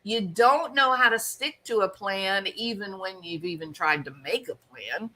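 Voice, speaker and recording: A woman's voice: medium pitch, expressive, unhurried, bright, forceful tone. A woman hosting her own channel, telling a story with self-mocking, theatrical humor. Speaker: channel host. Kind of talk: storytelling commentary.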